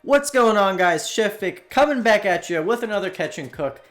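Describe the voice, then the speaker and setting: A man's voice: sits high, expressive, normal speed, a bit bright, faint music behind. A man from Slovakia narrating a cooking voiceover in a casual, chatty way, talking straight to his viewers. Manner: casual, chatty, addresses viewers as "you guys". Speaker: cooking channel host. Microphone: voiceover recorded separately from the video.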